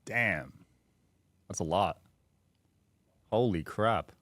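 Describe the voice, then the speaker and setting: A man's voice: deep voice, very slow, a bit bright, dry recording. A male podcast host giving brief, enthusiastic reactions and questions. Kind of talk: casual interview.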